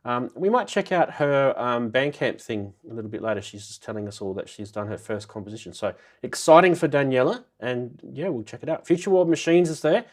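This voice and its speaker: A man's voice: mid-range voice, animated, brisk, hardly any pauses. Nasal-sounding man with a cold. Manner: chatty, laughs often, greets viewers by name. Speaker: host of a live synth show. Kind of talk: casual live-stream chat.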